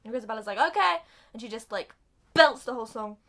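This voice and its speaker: A young woman recapping a film plot for comedy, acting out the characters' lines in an animated way. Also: on the high side, fast. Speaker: video reviewer.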